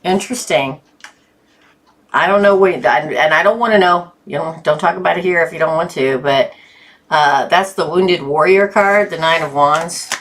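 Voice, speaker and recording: Chatty woman tarot reader, lowish voice. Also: moderate pace. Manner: chatty, laughs often, bursts of excitement. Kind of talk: live tarot reading stream.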